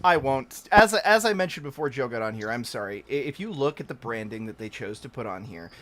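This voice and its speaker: A man hosting a casual live-stream chat, excitable and laughing often, moving from loud cheers to quiet asides. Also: medium pitch, brisk, a little hiss or hum. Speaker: podcast host.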